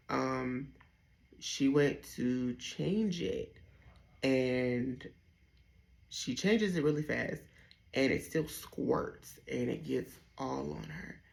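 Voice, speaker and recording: A young man candidly telling his personal story, hesitant, with many pauses and restarts. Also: medium pitch, vocal fry. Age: young adult. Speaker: vlogger sharing his dialysis story.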